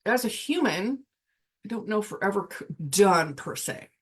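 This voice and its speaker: A woman's voice: medium pitch, lively intonation, normal speed, husky. Reflective woman coaching on breath. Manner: reflective, guides breathing, trails off mid-sentence. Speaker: spiritual coach. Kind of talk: casual livestream teaching.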